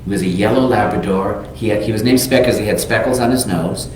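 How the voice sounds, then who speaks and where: A man's voice: lowish voice, a little fast, a little hiss or hum. Man telling a sermon story in a big echoey hall. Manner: lively storyteller acting out the people he quotes. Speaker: minister.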